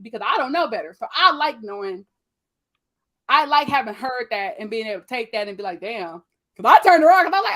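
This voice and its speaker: A woman with features chatting casually on a panel, acting out what people say in lively voices. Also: high voice, fast. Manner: animated, quotes people in voices.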